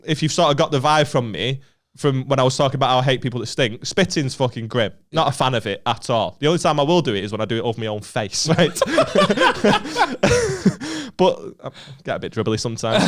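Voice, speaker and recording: A man's voice: mid-range voice, huge pitch swings, brisk. Sweary man telling a story. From Stoke, England. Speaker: podcast co-host. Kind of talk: casual storytelling chat.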